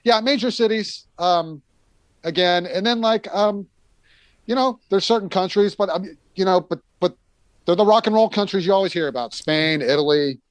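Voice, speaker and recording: Rambling American man, slightly high voice. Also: normal speed, no room sound. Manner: rambling, many fillers and restarts, acts out quoted voices. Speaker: bassist guest telling tour stories. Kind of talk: casual storytelling chat.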